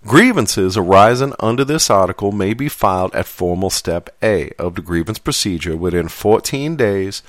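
A man voicing a formal Southern gentleman in a put-on Southern US accent, reciting contract clauses slowly and stately. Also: sits low, lively intonation, dry recording, clean studio sound. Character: formal adult male Southern gentleman reciting legal text.

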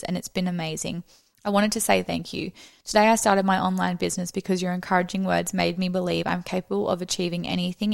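A woman's voice: fairly low pitch, gravelly, dry recording, studio quality. A young woman co-hosting a podcast in casual chat, upbeat and encouraging. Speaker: podcast co-host.

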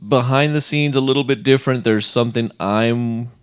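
A man's voice: mid-range voice, moderate pace, clean tone. Easygoing male podcast host. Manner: relaxed, jokey, laughs along. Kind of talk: casual interview chat.

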